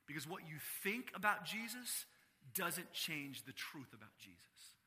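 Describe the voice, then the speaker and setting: A man preaching a sermon to a congregation in an emphatic way, rising to loud stressed phrases and dropping low and quiet. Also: very animated, unhurried. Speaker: pastor. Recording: long hall reverb.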